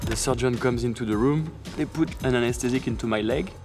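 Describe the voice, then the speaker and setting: A man in his thirties with a French accent, telling a personal story in a lively way, laughing often and acting out what others said. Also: mid-range voice, brisk, soft background music. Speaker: BMX rider telling a story.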